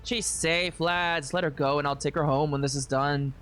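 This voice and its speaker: A streamer voicing a calm, sly man with a pistol, speaking low and measured in a visual novel read-aloud. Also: soft background music, lightly acted.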